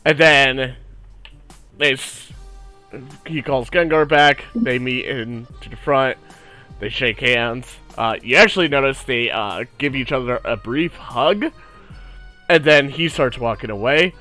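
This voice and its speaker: A man's voice: medium pitch, a little slow, sharp tone, soft background music. A man narrating a tabletop game as game master in a casual, laid-back way.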